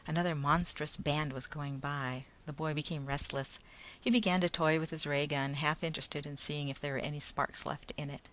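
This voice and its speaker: Low-voiced woman narrating a story. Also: fairly even intonation, moderate pace, a bit bright, slight background noise. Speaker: audiobook narrator.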